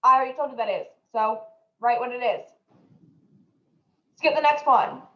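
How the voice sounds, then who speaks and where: A woman teacher casually explaining a story to students, chatty and quick, with lots of "like". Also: on the high side, fairly bright tone. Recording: echoey muffled room audio.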